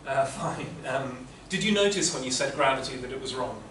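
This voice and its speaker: A man's voice: medium pitch, lively intonation, fairly quick, a bit bright, distant mic, a little hiss or hum. Man giving echoey classroom feedback. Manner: patient, explanatory, many restarts. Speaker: interpreting teacher giving feedback.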